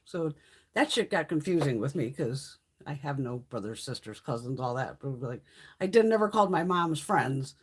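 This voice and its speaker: A middle-aged woman hosting a casual beauty livestream, telling stories in a profane, animated way. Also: extremely low pitch, normal speed, slightly rough.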